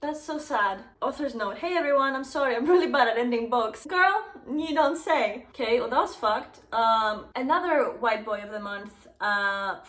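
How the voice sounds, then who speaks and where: A young woman YouTuber reading fanfiction aloud and mocking it, sarcastic and quick to swear. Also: a little high, fairly bright tone. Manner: sarcastic, swears freely, breaks into laughter.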